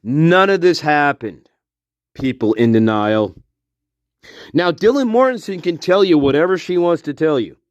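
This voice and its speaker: A man's voice: fairly high pitch, animated, a little slow, no echo. A man giving a profane, repetitive, accusatory rant as a true-crime commentator, recorded on a dull lo-fi track. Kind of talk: angry solo rant to camera.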